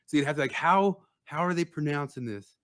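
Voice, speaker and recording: Male podcast co-host, lively riffing on bits, voice sits a little high. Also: a little fast, no room sound, studio quality. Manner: animated, riffs on comedy bits. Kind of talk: casual group chat.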